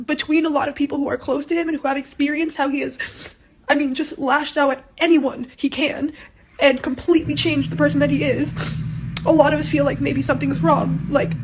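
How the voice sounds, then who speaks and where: High-voiced young woman, rambling and emotional. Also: slight background noise. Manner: rambling, halting, with nervous laughs. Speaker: daughter speaking out in a personal video. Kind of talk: emotional unscripted monologue.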